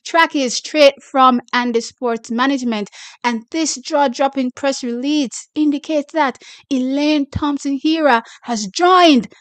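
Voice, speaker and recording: A Jamaican woman in her younger years runs her sports channel with excitable energy, drawing out words and breaking into chatty asides. Her voice sits a bit high for a woman. The sound is dry and close, with no room around it. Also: unhurried, no echo. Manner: excitable, hyping, reads a press release aloud with asides. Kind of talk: casual track-and-field news commentary.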